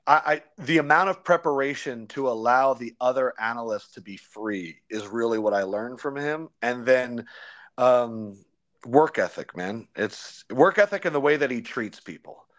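Slangy, animated young man telling stories. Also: medium pitch. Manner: animated storyteller, slangy, does quick impressions. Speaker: sports broadcaster guest. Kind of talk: casual interview chat.

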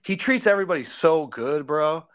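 A young man, a sports broadcaster, chatting in an interview, telling stories with slang and quick impressions of colleagues. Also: on the high side, smooth. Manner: animated storyteller, slangy, does quick impressions. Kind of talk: casual interview chat.

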